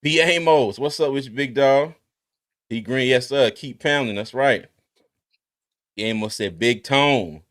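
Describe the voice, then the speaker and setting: A man hosting a casual sports talk livestream, animated and laughing as he reads out viewer comments. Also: medium pitch, unhurried, long pauses. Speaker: podcast host. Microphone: streaming mic.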